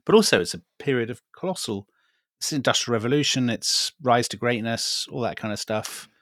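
A middle-aged man co-hosting a podcast, chatting in a measured, wry way and thinking aloud with pauses. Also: mid-range voice, animated, fairly bright tone, dry recording, clean studio sound. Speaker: podcast co-host. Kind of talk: casual chat.

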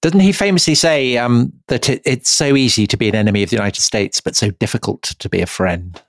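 A man's voice: medium pitch, a little fast, no echo. A man co-hosting a history podcast who asks prompting questions and adds dry asides. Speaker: podcast co-host.

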